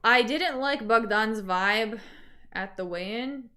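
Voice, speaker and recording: A woman's voice: fairly high pitch, slow, sharp tone. A young woman with a Canadian accent, chatting casually with viewers as a livestream host and reading their comments aloud.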